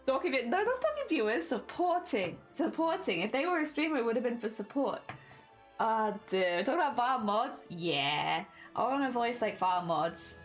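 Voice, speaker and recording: A woman's voice: on the high side, very animated, moderate pace, faint music behind. A British woman streaming a craft session, chatting casually with her viewers, laughing often and murmuring "oh dear" as she reads the chat. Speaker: craft livestreamer.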